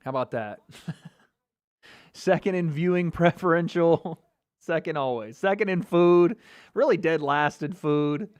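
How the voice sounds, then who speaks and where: A man's voice: fairly high pitch, unhurried, pauses often, smooth. A man hosting a casual livestream watch party, reading chat comments aloud and joking and trash-talking with lots of laughter. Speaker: livestream host.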